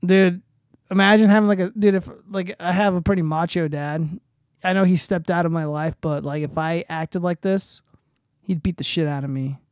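A man's voice: fairly high pitch, darkish tone, dry recording, studio quality. A young man hosting a casual livestream, reading posts aloud and swearing freely in loose, rambling commentary. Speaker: streamer host.

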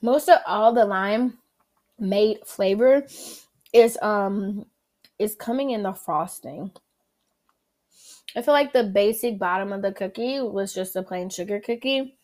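A woman's voice: medium pitch, unhurried, long pauses. A woman with a Southern accent hosting a casual solo food-review podcast, chatty and full of "like" and "um," humming as she tastes. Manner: chatty, many fillers and likes; animated, savoring with hums. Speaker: podcast host.

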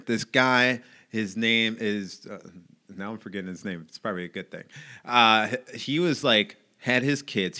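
A man's voice: medium pitch, sharp tone. A man in a casual podcast conversation, telling stories animatedly and acting out the voices of the people he quotes. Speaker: guest.

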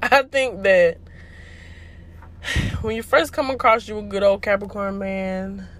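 A woman's voice: medium pitch, steady tone, unhurried, a bit bright. A young woman hosting a casual solo podcast, chatty and slangy, laughing and joking as she talks. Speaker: podcast host.

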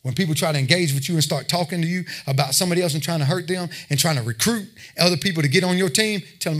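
A man preaching a sermon in a somewhat high voice. He talks to his listeners in a loose, conversational way, then presses his points with emphatic exhortation. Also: rapid-fire, few pauses, a bit bright. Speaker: pastor.

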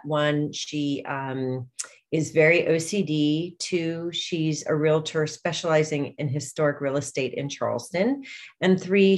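A woman with a low voice talks casually as an interview guest. She laughs easily and trails off into fillers as she explains herself. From grew up in London. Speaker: author guest.

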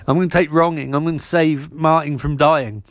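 A man's voice: on the high side, fairly even intonation, normal speed, dry recording, studio quality, close to an everyday voice. A man voicing an earnest young male speedster hero who talks in a slightly stammering way.

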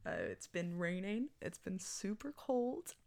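A woman's voice: mid-range voice, expressive, a little slow, a little mellow. Young woman, early twenties, podcast host, casual rambling chat, self-mocking. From Texas. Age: 20s.

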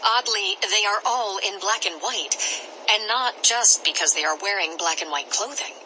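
A woman narrating an interactive storybook adventure in an expressive way, pausing dramatically before each choice. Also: mid-range voice, a little hiss or hum, poor audio.

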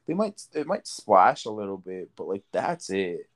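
At normal speed and with a low-pitched voice, a young man hosts a podcast, swapping stories in casual chat. He tells them animatedly and laughs a lot.

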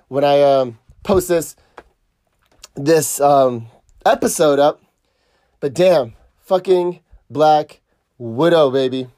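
A middle-aged man hosting a podcast, telling a story in a casual, profane, animated way. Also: high-pitched, dry recording, studio quality. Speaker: podcast host.

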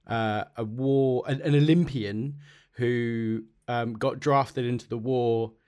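A man's voice: medium pitch, fairly even intonation, slow, a little mellow, clear, resonant tone. A man co-hosting a casual comedy chat, wandering into side stories with lots of "like". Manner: chatty, digressive, many fillers. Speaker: podcast co-host.

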